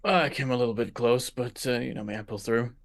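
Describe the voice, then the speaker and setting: A man speaking in character during a tabletop game, with a gravelly, creaky edge to his voice. He sounds relaxed and low-key. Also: a little fast, no room sound, studio quality. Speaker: player.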